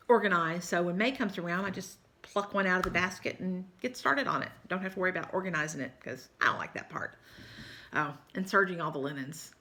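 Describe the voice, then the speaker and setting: A woman with a Texan drawl chats to her viewers in a loose, rambling way, full of y'all and little apologies. She sounds tired and keeps yawning, and her voice has a bright, forward edge. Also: lowish voice, a little hiss or hum. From South Texas. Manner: rambling, chatty, apologetic, says y'all often. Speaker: cross-stitch vlogger. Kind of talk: casual chat to viewers.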